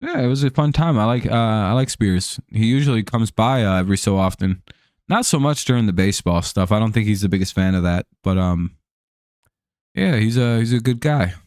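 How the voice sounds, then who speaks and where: A man's voice: lowish voice, fairly quick, darkish tone, clean tone, no echo, clean studio sound. An American man hosting a live stream, chatting casually over a baseball game in a rambling, profane way with lots of fillers. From United States.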